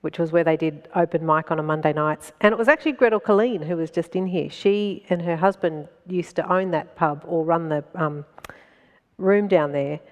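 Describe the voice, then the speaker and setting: A woman with an Australian accent, a stand-up comedian telling a story as a guest in an animated way and laughing between phrases. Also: low voice, moderate pace, big-room sound. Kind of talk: anecdotal storytelling in conversation.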